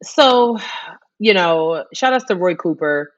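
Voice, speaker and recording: This podcast co-host has a lowish voice and speaks slowly but with animation as she talks through the news. Her delivery is loose and chatty, peppered with "like," fillers and restarts, all captured in dull lo-fi sound.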